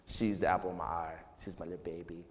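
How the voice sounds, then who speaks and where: A man's voice: low voice, flat delivery, fast talker. Laid-back man talking in an echoing hall. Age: 30s. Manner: loose and conversational, heavy with "you know" and "like". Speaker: guest speaker. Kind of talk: casual talk to a live audience. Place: school auditorium. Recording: long hall reverb.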